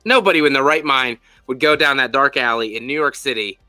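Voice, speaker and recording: A man hosting a casual spoiler review chat, animated and profane, with lots of fillers. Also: mid-range voice, brisk, dry recording, clean studio sound, faint music behind. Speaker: podcast host.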